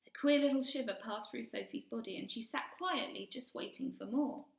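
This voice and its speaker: A woman reading a children's storybook aloud in soft, hushed narration. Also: on the high side, normal speed, creaky. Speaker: reader. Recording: echoey room.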